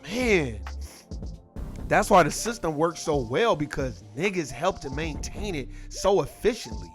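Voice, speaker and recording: A man's voice: on the high side, animated, measured pace, soft background music. A man ranting in casual, profane commentary, irritated and repeating himself. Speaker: commentary host.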